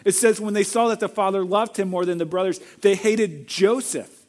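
A middle-aged man preaching a sermon as pastor, earnest and direct, now and then acting out quoted lines in a loud burst. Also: high voice, normal speed.

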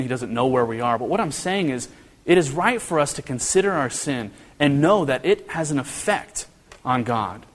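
A man preaching a sermon in a church, earnest and animated, often restarting his phrases. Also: medium pitch, big-room sound. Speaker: pastor.

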